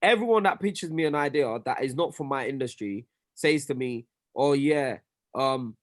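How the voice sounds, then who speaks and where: A man whose London speech carries a Nigerian tinge reflects out loud in a relaxed group conversation. His voice sits a little high, and he is quick to poke fun at himself. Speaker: podcast co-host, business owner. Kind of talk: casual group chat.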